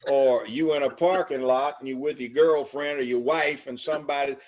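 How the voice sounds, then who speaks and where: A man's voice: mid-range voice, steady tone, normal speed, darkish tone. An older man from Los Angeles, talking as an interview guest in an emphatic, preachy way with long lists. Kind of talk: casual interview talk.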